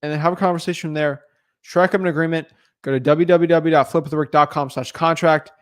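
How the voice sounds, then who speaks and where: A young man teaching in a casual livestream, talking fast with lots of fillers and calling his viewers guys. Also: a little high, steady tone. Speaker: real estate coach.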